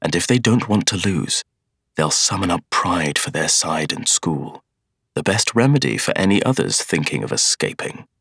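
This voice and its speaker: A man voicing a cold, scheming young schoolmaster of Evil who speaks in a measured, persuasive way. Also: low voice, big pitch swings, creaky, fairly bright tone, breathy edge, dry recording, studio quality, exaggerated voice. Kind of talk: audiobook character voice.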